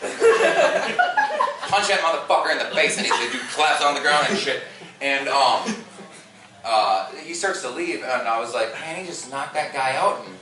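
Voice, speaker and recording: This comedian in his thirties has a mid-range voice whose pitch swoops wildly, and he talks a little slowly. Performing stand-up for a live convention crowd, he acts out quotes in his stories and laughs at his own jokes, recorded in a noisy, echoey room far from the mic.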